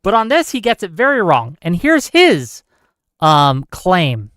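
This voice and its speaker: Smooth-voiced argumentative talk show host. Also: medium pitch, wildly swooping pitch, unhurried, fairly bright tone, no echo, studio quality. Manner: argumentative, emphatic, rebutting points; frequent tag questions and fillers. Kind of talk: live call-in commentary, reading viewer comments.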